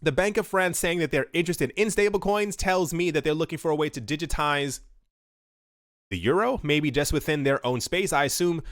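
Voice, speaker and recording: Man, higher-pitched voice, casual opinionated commentary, rambling with fillers, dry close sound. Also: moderate pace, a bit bright, dry recording. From United States. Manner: conversational, opinionated, many fillers and restarts. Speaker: crypto video host.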